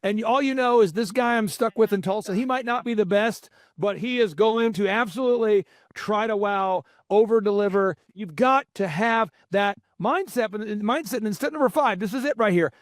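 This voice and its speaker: A man's voice: sits high, moderate pace, few pauses, no echo, studio quality. A man hosting a business podcast as a coach, talking emphatically, repeating key points and listing steps. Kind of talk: motivational podcast talk.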